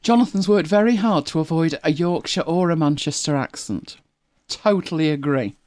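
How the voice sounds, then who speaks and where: A woman's voice: low-pitched, animated, normal speed, darkish tone, dry recording. A woman, co-hosting a casual chat and telling stories with laughing asides. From northern England. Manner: chatty storytelling, lots of laughing asides. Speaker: co-host.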